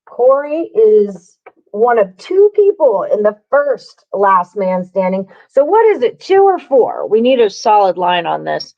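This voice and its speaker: A woman's voice: mid-range voice, big pitch swings, unhurried, phone-quality sound. A woman hosting a live sports-betting stream, chatting loosely with viewers and co-hosts. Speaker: sports betting show host. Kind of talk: casual live-stream chat.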